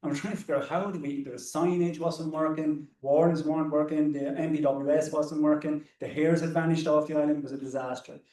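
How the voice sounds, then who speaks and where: An Irish man tells anecdotes on a panel, his mellow voice tripping over repeated words. He is picked up from some distance away. A roomy echo surrounds him. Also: a little high, little pitch movement, brisk, few pauses. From Ireland. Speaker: conservationist panelist. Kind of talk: panel discussion. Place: hall or seminar room.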